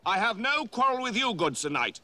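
A high, bright-voiced haughty king. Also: big pitch swings, brisk, full character voice. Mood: commanding. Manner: formal, lofty, commanding. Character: proud commanding male king on a quest. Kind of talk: film comedy acting.

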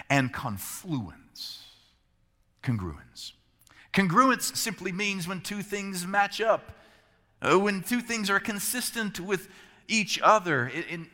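Bright-voiced pastor preaching in a reverberant church. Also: male voice, a little high. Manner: conversational, self-mocking storytelling. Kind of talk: sermon. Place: church sanctuary. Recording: long reverb of a large church.

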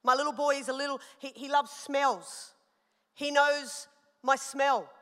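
A woman pastor in her thirties preaching a sermon, animated and personal, telling stories with rising emphasis. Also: high voice, unhurried. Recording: long hall reverb.

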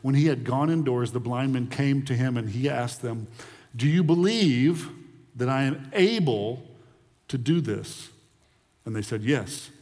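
A man preaching a sermon in an animated way, often repeating words as he builds his point. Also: medium pitch, a little slow, long reverb tail. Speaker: pastor.

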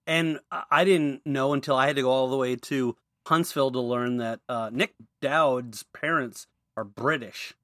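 A man appearing as a guest superfan on a sports podcast, telling an anecdote in an animated way. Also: medium pitch, moderate pace, hardly any pauses, dry recording, studio quality. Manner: animated storyteller.

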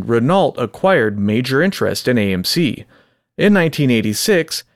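Chatty man hosting with lively pitch. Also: dry recording, clean studio sound. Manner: chatty, self-deprecating, joking. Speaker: podcast co-host. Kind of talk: casual podcast chat and reading out segments.

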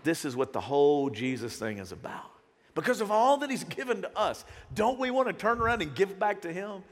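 High-pitched guy pastor preaching, storytelling, doing all the voices, long echo in a big church. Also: a little fast. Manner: animated storyteller, acts out quoted voices. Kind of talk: conversational sermon. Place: church sanctuary.

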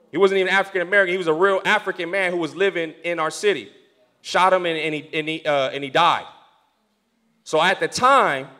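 A young man preaching, telling a story from the pulpit and moving between hushed, prayerful passages and loud, excited ones. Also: high voice. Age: young adult. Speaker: pastor. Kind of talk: sermon storytelling.

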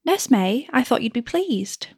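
A woman's voice: fairly high pitch, sing-song, measured pace, a little mellow, husky, no room sound, studio quality, voice pushed up, heavily acted. A woman putting on a gushing eager young mistress. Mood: pleading. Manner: gushing, pleading, rising.

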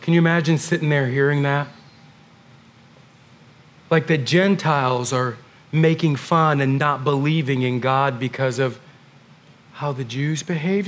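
A man's voice: medium pitch, a little slow, pauses often. A man teaching through a Bible book in a casual, chatty way, full of fillers and talking straight to his listeners. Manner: chatty, filler-heavy, addresses listeners as "you guys".

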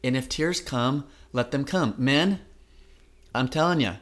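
A man's voice: mid-range voice, measured pace, fairly bright tone. A middle-aged man co-hosting a podcast, talking in an earnest, encouraging way. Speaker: podcast co-host. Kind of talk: casual chat.

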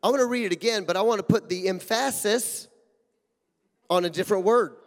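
A man preaching a sermon as pastor, emphatic and full of rhetorical questions, swinging between loud and hushed. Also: sits high, fairly quick. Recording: long hall reverb.

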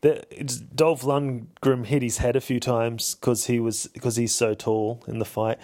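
A man talks through a film alone as a podcast host, rambling and wry, and he pokes fun at himself along the way. His pitch sits in an ordinary middle range, and his talk is loose and casual. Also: fairly even intonation, normal speed, darkish tone. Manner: rambling, wry and self-mocking, chuckling asides. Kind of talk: casual solo film commentary.

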